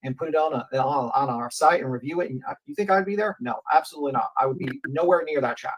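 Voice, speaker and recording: Fast-talking rambling man from New York. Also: on the high side, a little hiss or hum, low-quality recording. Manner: rambling, profane, acts out quoted lines. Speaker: commentary channel guest. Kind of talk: casual commentary chat.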